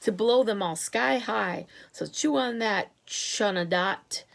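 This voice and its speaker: A woman reading a children's story aloud, voicing a loud, blustering male president. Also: mid-range voice, takes it slowly, gravelly. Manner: shouting, blustering.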